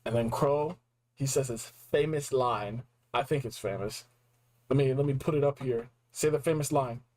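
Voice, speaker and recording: A young man reviewing a video game in a casual, excited recap, full of slang and acted-out reactions. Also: mid-range voice, moderate pace, rough recording. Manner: animated, slangy, acts out reactions.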